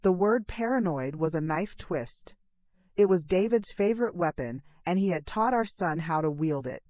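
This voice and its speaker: Middle-aged woman storyteller, earnest first-person drama, low and dry. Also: lively intonation, moderate pace, a little mellow, dry recording.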